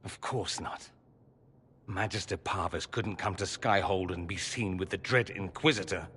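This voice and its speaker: An actor playing a proud, sarcastic male mage confronting the father he is estranged from, with a husky voice and a cutting manner. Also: low voice, moderate pace, a bit bright, long reverb tail, a little hiss or hum. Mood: wry. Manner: sarcastic, cutting, rising to anger. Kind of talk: game character dialogue.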